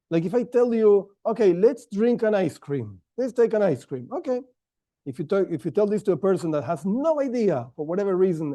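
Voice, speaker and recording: A man gives a lecture to a class, talking it through conversationally and thinking aloud. His voice sits high yet sounds warm and mellow. He keeps the energy up with rhetorical questions and frequent okays. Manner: lively, with frequent restarts and okays. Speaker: teacher.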